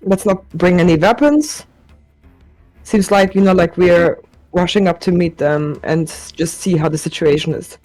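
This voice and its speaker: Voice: mid-range voice, a little slow, darkish tone, soft background music, low-quality recording. A player in a tabletop game, talking casually with filler words and laughs.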